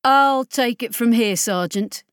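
A woman's voice: a little high, a little slow, fairly bright tone, smooth, no echo, voice pushed up. A woman reading an audiobook voices a suspicious male agent who speaks in short, dry commands. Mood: commanding.

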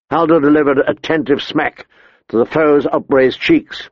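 A man reading an audiobook in a measured, steady storytelling manner. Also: a little high, no room sound, dull audio. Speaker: narrator. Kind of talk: audiobook narration.

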